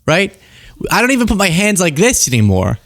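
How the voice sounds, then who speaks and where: A young man hosting a comedic political commentary show, sarcastic and animated, often laughing mid-sentence. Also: sits high, brisk, no echo, studio quality.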